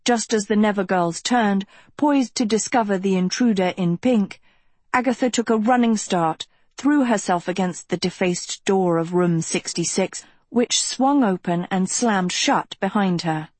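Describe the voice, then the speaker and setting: Slow, husky woman narrating a story. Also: medium pitch, darkish tone, no echo. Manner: dramatic, measured storytelling. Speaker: audiobook narrator. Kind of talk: scripted narration.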